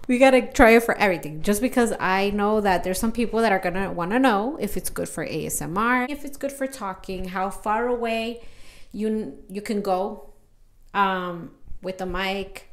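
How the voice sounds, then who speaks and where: A woman vlogger casually chatting while she tests a lapel microphone, giggling and filling pauses with loose fillers. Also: mid-range voice, rough recording. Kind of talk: casual product-test vlog.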